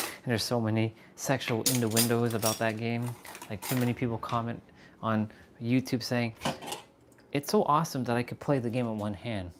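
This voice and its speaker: A man at an ordinary mid pitch, hosting a loose motivational live stream. He drifts from near-whispered asides to slow, loud, stretched-out emphasis and laughs at his own tangents. A faint hiss sits under the voice. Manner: swings from low murmurs to loud, slow, drawn-out emphasis; laughs often, casual and self-aware.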